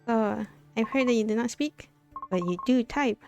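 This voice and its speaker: A woman voices a cheerful, helpful and proud talking relic in a game, one that says beep boop. Her voice is on the high side and darkish in tone, close to an everyday voice, at a moderate pace and in a chirpy mood, over soft background music.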